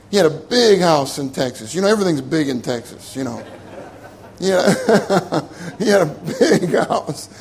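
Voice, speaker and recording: A man's voice: sits high, darkish tone, a little hiss or hum. An older man preaching a sermon in a conversational way, repeating his key phrases and laughing at his own jokes.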